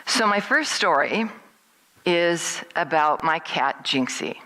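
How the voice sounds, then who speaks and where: Bright-voiced middle-aged woman telling stories. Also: slow, low-quality recording. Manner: lively, acts out what people said with big jumps in pitch. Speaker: guest speaker at a service. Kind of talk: personal storytelling.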